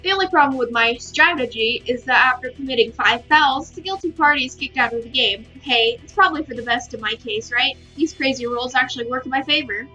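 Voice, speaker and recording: A woman reading a visual novel aloud in first-person narration, steady with small stumbles. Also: high-pitched. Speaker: game reader. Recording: slightly muffled with faint music.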